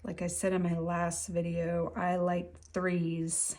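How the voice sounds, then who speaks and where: A woman muses aloud as she works on a painting at her table, drawling slowly and easily. Her voice sits a little low. Clear clicking from her tools runs behind her. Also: completely flat delivery, background noise. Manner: musing aloud to herself while she works. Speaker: artist. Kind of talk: casual commentary while painting. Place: home art table.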